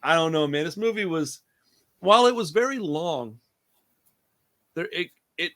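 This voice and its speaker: A man talking casually about a movie. He is animated, swears freely and laughs often. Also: on the high side, a little slow. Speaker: podcast co-host.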